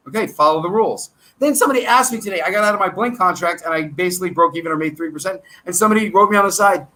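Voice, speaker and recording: Casting note: American male stream host, high-pitched and bright, rambling and excitable in casual market commentary. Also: fast. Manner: rambling, excitable, self-deprecating asides. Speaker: stock market show host.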